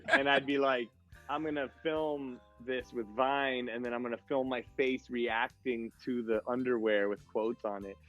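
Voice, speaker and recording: A man, a guest on a podcast, telling stories in a casual, animated way and acting out the voices of other people. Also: medium pitch, normal speed, dull audio, soft background music. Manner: animated storyteller, acts out voices in quotes. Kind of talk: casual storytelling chat.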